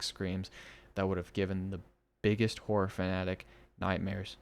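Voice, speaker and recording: A man's voice: sits low, flat delivery, normal speed, gravelly, clean tone. Man reading horror stories aloud. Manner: enthusiastic, chatty between stories.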